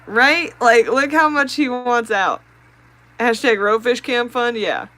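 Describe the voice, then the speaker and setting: Excitable woman hosting a live stream. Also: a little high, slow pace, low-quality recording. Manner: excitable, chatty, talks to her fish and viewers. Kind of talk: live stream chat with viewers.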